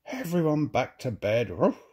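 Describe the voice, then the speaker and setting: A man voicing a grumpy farm dog in a storybook reading, gruff and a little weary. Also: medium pitch, wildly swooping pitch, unhurried, a little mellow, voice pushed up, full character voice. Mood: grumbly.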